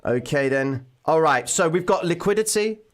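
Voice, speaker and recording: A man hosting a live trading stream from home, commenting excitedly on the market and calling his viewers ladies and gentlemen. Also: a little high, normal speed. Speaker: trading livestream host. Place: home room, daughter present. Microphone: desk microphone.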